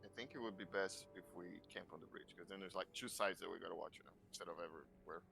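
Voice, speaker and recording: A man's voice: low voice, fast, gravelly, pushed and bright, soft background music. A man playing a tabletop game, chatting casually and joking, swearing freely. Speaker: player.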